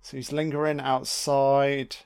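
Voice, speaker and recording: A man's voice: mid-range voice, flat delivery, measured pace, darkish tone, smooth. A man giving casual, sweary commentary on a film, talking back to the characters on screen. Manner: sweary, mocking asides to the screen.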